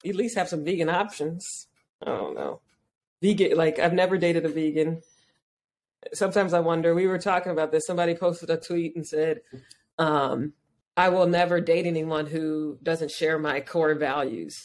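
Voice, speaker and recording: A woman co-hosting a casual podcast chat, talking loosely and acting out her own thoughts in quick asides. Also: low-pitched, darkish tone. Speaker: podcast co-host.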